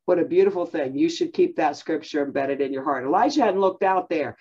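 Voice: medium pitch, a little fast, a little mellow, husky, highs cut off. A Bible teacher giving a conversational lesson, talking in a chatty way with many fillers and self-restarts.

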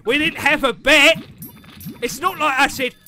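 A young British man streaming a game live, joking with his chat and reacting loudly to what happens on screen. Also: extremely high pitch, fairly even intonation, a little slow, faint music behind.

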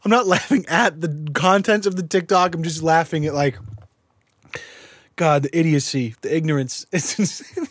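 A man's voice: a little high, moderate pace, fairly bright tone, no room sound. A man hosting a sarcastic commentary video, swearing casually and scoffing at what he covers. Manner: sardonic, swears casually, laughs in disbelief. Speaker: YouTube commentary host. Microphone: studio microphone.

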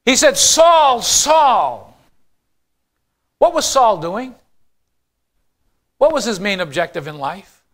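High-voiced man preaching a sermon. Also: very animated, unhurried, pauses often. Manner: emphatic preaching, swinging between loud declarations and low, quiet asides; addresses the congregation directly with questions. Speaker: pastor.

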